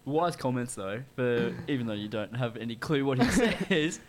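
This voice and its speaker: Giggly young radio co-host. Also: male voice, medium pitch, animated, normal speed. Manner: giggly, echoes his partner's lines. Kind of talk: casual chat.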